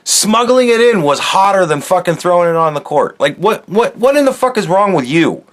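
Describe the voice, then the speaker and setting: A man's voice: high-pitched, very animated, moderate pace. A man hosting a podcast, ranting angrily and sarcastically with lots of swearing. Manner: angry, profane, sarcastic ranting. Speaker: podcast host. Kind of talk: solo podcast rant.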